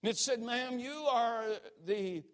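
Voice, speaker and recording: A man, preaching a sermon and telling stories dramatically, dropping to a hush and then rising to a shout. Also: very high voice, a little slow. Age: 60s. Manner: dramatic, swings from hushed to shouting. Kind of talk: sermon with storytelling.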